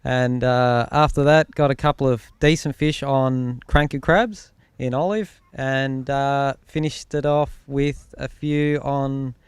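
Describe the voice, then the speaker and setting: A man, an angler, answering the host's questions at an outdoor weigh-in in a relaxed, plain-spoken way. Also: medium pitch, takes it slowly, few pauses, clear, resonant tone, no echo. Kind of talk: casual interview answers.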